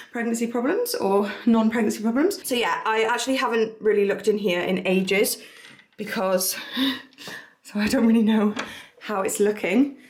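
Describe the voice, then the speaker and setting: Young woman vlogger, bubbly and giggly, brightish voice, echoey home rooms. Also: a little high, animated, a little slow. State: pregnant, out of breath at times. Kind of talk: casual vlog chat. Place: home, walking between rooms.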